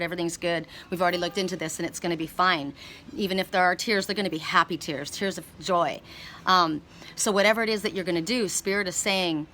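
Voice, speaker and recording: A middle-aged woman giving a casual spiritual card reading outdoors, telling animated stories with frequent restarts. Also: lowish voice, a little hiss or hum. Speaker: oracle card reader. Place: outdoors by water, California.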